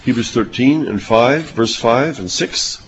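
A man's voice: medium pitch, measured pace, muffled recording, slight background noise. An older man preaching a sermon, reading scripture and telling folksy childhood anecdotes with chuckles.

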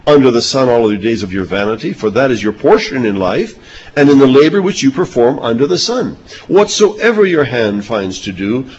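An older man delivers a sermon in a folksy, chuckling manner, his voice rising and falling with lively pitch. The recording is a little dull, with faint noise in the background. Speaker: preacher.

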